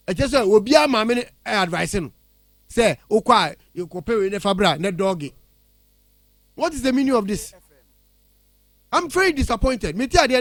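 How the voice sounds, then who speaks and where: Ghanaian guy ranting on the radio, high pitched, fired up, super dry close mic. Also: no room sound. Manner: indignant, blunt, mixing English with Twi. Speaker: radio entertainment pundit. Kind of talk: heated radio commentary. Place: radio studio. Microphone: studio mic.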